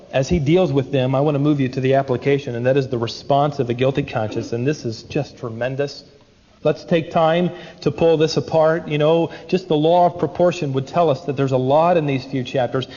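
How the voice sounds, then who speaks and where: A man's voice: mid-range voice, dark tone, in a large hall, highs cut off, slight background noise. A man preaching a sermon, with a dramatic, emphatic delivery. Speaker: pastor.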